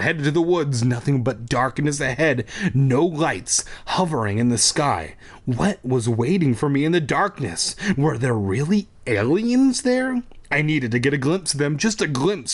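A man hosting a comedy podcast, reading a kids' horror book aloud with crude, joking asides. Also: a little high. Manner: animated, swings from mock-spooky narration to crude jokes.

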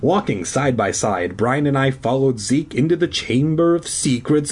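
Husky man reading a story aloud. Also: medium pitch, sing-song, a little slow, darkish tone. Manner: casual, swears in asides. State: sore throat. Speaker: reader. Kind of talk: casual storybook read-aloud.

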